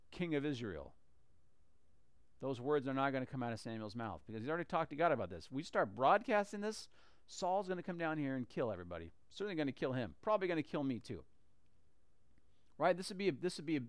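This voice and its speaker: A man's voice: fairly high pitch, no room sound. A man teaching a Bible story in a casual, conversational way, acting out the characters as he goes. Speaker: church teacher.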